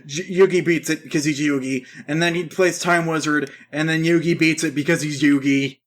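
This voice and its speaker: A man's voice: a little high, steady tone, brisk. A man co-hosting a podcast, casually recapping an anime in a rambling, self-interrupting way. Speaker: podcast co-host. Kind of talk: casual chat.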